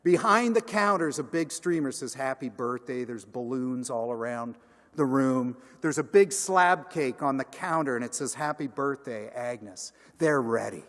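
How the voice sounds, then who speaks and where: A man's voice: mid-range voice, measured pace. A man in a large church, a senior pastor telling a story in his sermon and acting out each character. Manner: animated, acts out every character. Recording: long church reverb.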